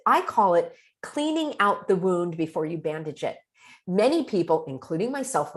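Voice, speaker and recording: A woman hosting a motivational self-help talk, coaching listeners directly and acting out example dialogue. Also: medium pitch. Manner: expressive, acts out example dialogue. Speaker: host.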